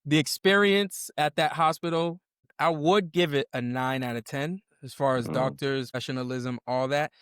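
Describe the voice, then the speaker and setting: With a fairly high, smooth voice at a moderate pace, this young man co-hosts a podcast and spins a story in casual conversation, acting out the quoted voices of the people involved. The audio is studio quality with no echo.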